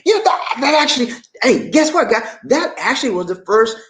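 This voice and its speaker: A man giving casual travel tips to the camera as a vlogger. He is chatty and animated, calls the viewer "man" and "baby", and repeats his points. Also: extremely high pitch, moderate pace.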